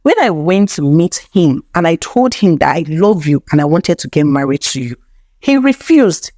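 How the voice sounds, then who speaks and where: A wounded young groom rebukes his bride in reproachful, accusing tones, played by a woman storyteller. The delivery swings widely in pitch, in a dry, close recording. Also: very animated, moderate pace, mellow, dry recording.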